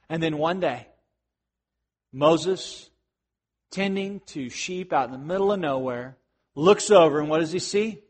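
Man, high voice, sermon, conversational, hushed to emphatic. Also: a little slow, pauses often, long reverb tail. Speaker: pastor.

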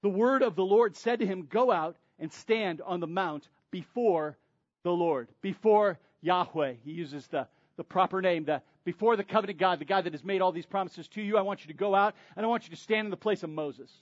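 Guy preaching, high voice, goes big then whispers, dry kinda muffled sound. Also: brisk, no echo. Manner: dramatic, swings from loud to near-whisper. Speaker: pastor. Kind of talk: sermon.

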